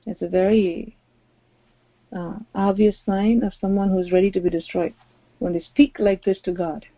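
A woman's voice: mid-range voice, flat delivery, normal speed, no room sound. A woman pastor preaching a sermon, stressing her points by repeating phrases. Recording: dry, dull lo-fi audio.

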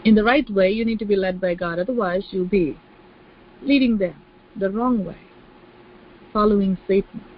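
A woman's voice: mid-range voice, normal speed, pauses often, slight background noise. Emphatic woman preacher, slightly muffled. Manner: emphatic, repeats key phrases, acts out quoted voices. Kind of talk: sermon.

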